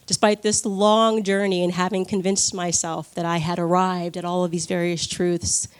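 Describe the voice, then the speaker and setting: A woman giving a personal testimony speech at a conference, telling her story with animated energy, quick laughs and acted-out quotes. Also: fairly low pitch. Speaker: conference speaker.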